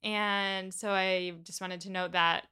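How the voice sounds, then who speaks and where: A woman co-hosting a casual book discussion, retelling scenes in a chatty, animated way. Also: medium pitch, slow pace, clear, resonant tone. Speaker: podcast co-host.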